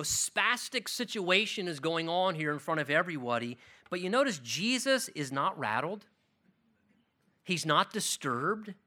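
A middle-aged male pastor delivers a sermon in a high, lively voice. His tone is bright and sharp, and he swings between emphatic lines and hushed asides.

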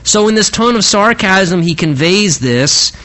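Conversational preacher who stammers and restarts. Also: male voice, high voice, animated, a little slow, pushed and bright. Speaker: pastor. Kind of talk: sermon, Bible teaching.

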